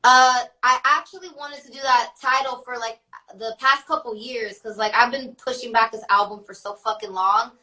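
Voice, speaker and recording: A woman's voice: on the high side, fairly even intonation, moderate pace, bright, forceful tone, distant mic, poor audio. A young woman talking casually as an interview guest, chatty and full of "like" fillers, often laughing. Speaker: guest, rapper.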